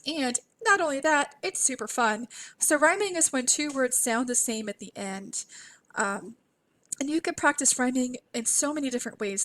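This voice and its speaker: A woman instructor giving a recorded lecture over slides, a clear and encouraging teacher who models letter sounds aloud. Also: a little high, a bit bright. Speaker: literacy instructor.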